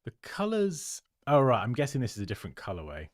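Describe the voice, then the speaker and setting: A man's voice: mid-range voice, huge pitch swings, quick pace, no room sound, studio quality. A man hosts a livestream, giving chatty, upbeat feedback on viewers' design work and laughing often. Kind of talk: casual livestream commentary.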